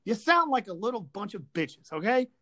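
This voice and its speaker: A woman's voice: mid-range voice, sing-song, moderate pace, fairly bright tone. Woman sports host ranting, sarcastic, swears a lot, voice swings up and down all over. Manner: fired-up, sarcastic, profane ranting. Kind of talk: ranting sports podcast chat.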